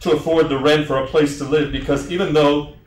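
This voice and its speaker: A man's voice: a little high, fairly even intonation, fairly quick, a little hiss or hum, close to an everyday voice. Guy playing macduff, sad crazy immortal scottish warrior, big stage melodrama, roomy far-off sound. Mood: mournful. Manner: melodramatic, swings into shouted outbursts. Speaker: actor in a staged reading. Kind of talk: theatrical monologue. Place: theater stage. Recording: roomy, distant mic.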